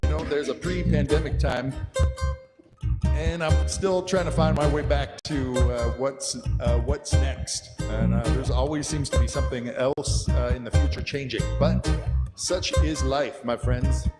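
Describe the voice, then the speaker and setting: A man's voice: medium pitch, a little slow. A man hosting a casual music livestream, chatting to viewers in a rambling way with many filler words. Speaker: live-stream host and musician. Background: loud music.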